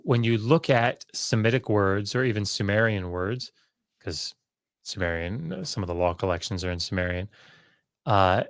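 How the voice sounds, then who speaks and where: A man speaking as a guest scholar in a casual interview, explaining in a rambling, joking way with quick asides and self-corrections. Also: lowish voice, dry recording, clean studio sound.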